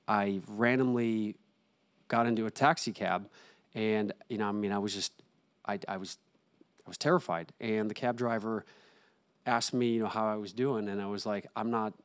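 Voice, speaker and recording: A young adult man, a guest on an interview show, telling a personal story in an earnest, halting way with many restarts. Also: lowish voice, clean tone. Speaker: interview guest, actor and author.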